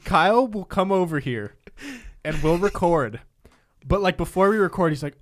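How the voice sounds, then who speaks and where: A young man with a slightly high voice hosts a casual podcast. He reads questions and jokes with his friends in a relaxed, teasing tone. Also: normal speed. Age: young adult. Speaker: podcast host. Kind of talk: casual chat.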